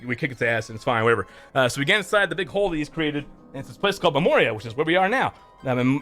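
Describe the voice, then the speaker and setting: A man's voice: fairly high pitch, a bit bright. A man streaming a game who recaps the story casually, rambling with lots of fillers and swearing. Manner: rambling, profane, filler-heavy.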